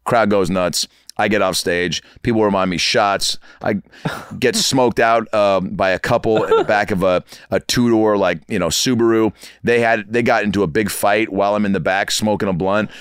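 Man, thirties, comic storyteller, animated, low pitch, dry close sound. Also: moderate pace, smooth, dry recording. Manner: animated, acts out voices in his stories. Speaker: podcast guest, comedian. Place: podcast studio.

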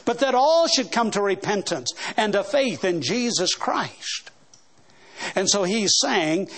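A man's voice: high-pitched, a bit bright. A man preaching a Baptist sermon, emphatic and often doubling words as he pushes his points. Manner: emphatic, stumbling over repeated words.

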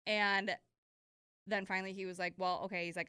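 A young woman tells a story in casual conversation, voicing the other people in it with sudden jumps up in pitch. Her voice is smooth and clear. The recording is close and dry, with no room sound. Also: fast talker, dry recording. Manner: animated storyteller, acts out quotes with big pitch jumps. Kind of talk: casual chat.

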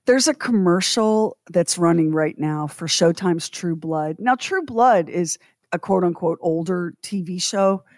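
A woman's voice: on the low side, unhurried, dry recording. Chatty woman podcast host, dry close sound. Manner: chatty, animated storyteller who laughs often. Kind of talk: casual chat.

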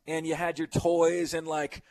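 A middle-aged man hosts a sports radio show with easy, rambling chatter. His voice sits a little high for a man. He riffs casually on listener messages. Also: flat delivery, measured pace, a little mellow.

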